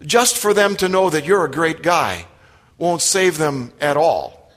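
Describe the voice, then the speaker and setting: A man's voice: on the high side, animated, unhurried, a bit bright. A man preaching a sermon to his congregation, emphatic and direct, often asking his listeners questions. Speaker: pastor. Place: church sanctuary. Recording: long hall reverb.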